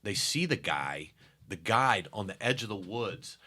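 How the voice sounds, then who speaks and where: A man's voice: on the low side, unhurried. A middle-aged man, a comedian, telling stories in a casual interview and acting out the people in them. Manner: animated storyteller who acts out quotes. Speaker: comedian guest.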